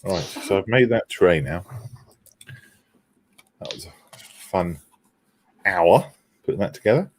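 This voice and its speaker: Chatty male stream host with a deep voice, easy laughter. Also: lively intonation, takes it slowly, pauses often, darkish tone. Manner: chatty, reads out viewer comments, laughs often. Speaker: livestream host. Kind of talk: casual chat while model making.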